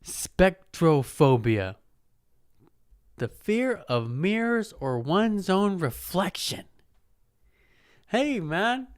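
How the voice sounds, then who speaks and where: Foul-mouthed podcast guy cracking jokes, voice bouncing all over, unhurried. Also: high voice, big pitch swings, a little mellow, clean tone, no echo, studio quality. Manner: mocking and profane, laughs at his own jokes. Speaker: podcast host. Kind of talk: casual comedic monologue. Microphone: podcast microphone.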